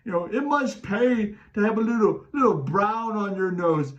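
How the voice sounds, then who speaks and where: A middle-aged man hosting a fan rant, animated and talking about himself in the third person. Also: high-pitched, normal speed. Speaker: podcast host ranting as a sports fan. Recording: distant mic, dull lo-fi sound.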